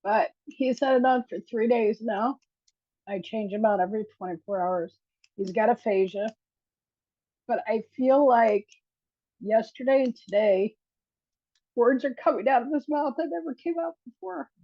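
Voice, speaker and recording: Woman, earnest and emotional testimonial, a bit high voice, dry and dull call sound. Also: moderate pace, long pauses, dry recording. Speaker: new member giving a testimonial. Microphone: video call.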